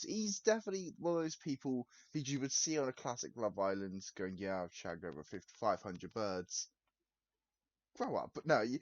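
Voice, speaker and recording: This guy in his 20s runs a reaction channel, tossing out sarcastic, blunt remarks about a clip while cursing and laughing often. He has a medium-pitched, slightly mellow voice, captured in a dry, lo-fi recording.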